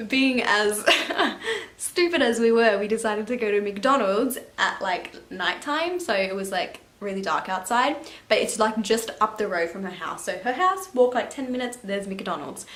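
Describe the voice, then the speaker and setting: A woman's voice: mid-range voice, measured pace. Chatty teenage girl in an echoey room. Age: late teens. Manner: chatty, animated, laughing and swearing casually. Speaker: vlogger. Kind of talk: story time chat.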